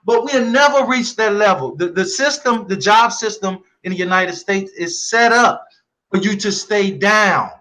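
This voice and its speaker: A man's voice: high voice, expressive, measured pace, bright, forceful tone, poor audio. A man co-hosting a casual talk, backing up his guest in a supportive way. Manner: supportive, calls the guest bro. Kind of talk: casual conversation.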